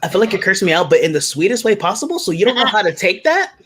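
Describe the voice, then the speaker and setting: A woman chatting on a podcast, telling lively stories and acting out what people said. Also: mid-range voice, very fast. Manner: storytelling, lively, acts out quoted people. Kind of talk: casual chat.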